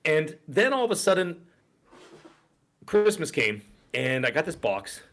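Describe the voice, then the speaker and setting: A man's voice: a little high, very animated, unhurried, a bit bright. A middle-aged man co-hosting a podcast in casual chat, rambling through stories and acting out the voices of people he quotes. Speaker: podcast co-host. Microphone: desk podcast microphone.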